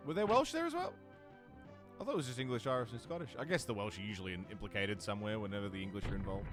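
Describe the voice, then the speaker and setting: Relaxed Aussie gamer, sweary and laughing, expressive pitch, light music behind. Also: male voice. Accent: Australian. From Australia. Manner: easygoing, swearing, quick to laugh. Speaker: co-host of a gaming channel. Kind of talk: casual let's-play banter.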